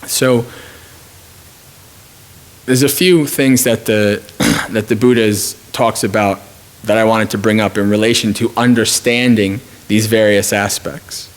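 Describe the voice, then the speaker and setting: A man's voice: fairly low pitch, steady tone, unhurried. A man teaching meditation at a retreat, speaking informally and thinking aloud with frequent restarts. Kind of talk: dharma talk at a retreat.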